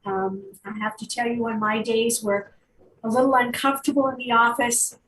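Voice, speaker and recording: A woman's voice: a little high, steady tone, normal speed, fairly bright tone. A woman city councilor giving an earnest, heartfelt tribute. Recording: echoey audio from far off the mic, faint noise.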